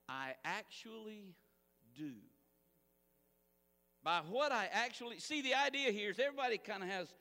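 Preaching in a high, bright voice with wide pitch swings, a pastor calls out to his congregation for responses. His animated sermon echoes through a church sanctuary with a long reverb tail.

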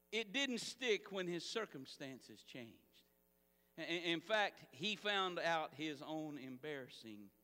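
A man preaches with a high, bright voice that swings widely in pitch, calling out to his congregation for a response. His sermon rings through a church sanctuary with a long reverb tail. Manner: animated preaching with audience call-outs. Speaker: pastor.

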